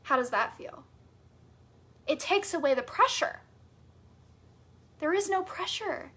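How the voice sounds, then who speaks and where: A woman's voice: extremely high pitch, lively intonation, slow pace, sharp tone. A woman coach teaching a live masterclass, enthusiastic and emphatic, repeating phrases for stress with casual fillers. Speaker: sales and human design coach.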